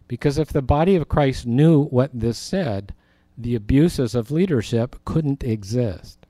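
A man's voice: mid-range voice, a little slow, warm tone, no room sound, studio quality. A man, a pastor, teaching through a Bible passage and reading verses aloud with earnest emphasis.

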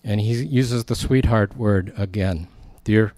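A man's voice: lowish voice, slow, a little mellow, no echo. A man preaching a sermon in a conversational, storytelling way, acting out quoted lines.

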